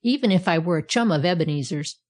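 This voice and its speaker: A woman's voice: fairly low pitch, lively intonation, fast, a little mellow. A woman reading aloud, voicing a curious, eager young boy who asks breathless questions.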